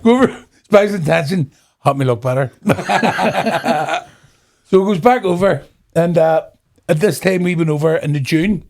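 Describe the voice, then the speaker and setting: A man's voice: fairly high pitch, a little slow, creaky. A middle-aged man with a Northern Irish accent, telling his own story as a guest in an interview and acting out the dialogue. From Northern Ireland. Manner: animated storyteller acting out dialogue, breaks into laughter. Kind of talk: personal testimony in a podcast interview.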